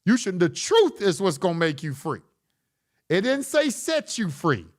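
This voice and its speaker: A man's voice: sits high, big pitch swings, measured pace. A middle-aged man hosting a late-night livestream, talking bluntly and profanely in a preachy way that rises to impassioned. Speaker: online course host.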